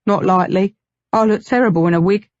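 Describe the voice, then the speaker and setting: A woman's voice: medium pitch, fast talker, darkish tone, dry recording, muffled recording, lightly acted. A woman voicing a blunt, teasing, motherly woman who calls the hero "lad", in an audiobook reading. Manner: tart, mocking, calls him lad.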